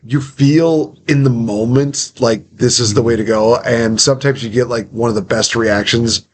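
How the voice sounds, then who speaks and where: A man's voice: medium pitch, fairly even intonation, moderate pace, a little hiss or hum. A young man hosting a casual interview, chatty and rambling, acting out little quotes as he tells stories. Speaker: podcast host.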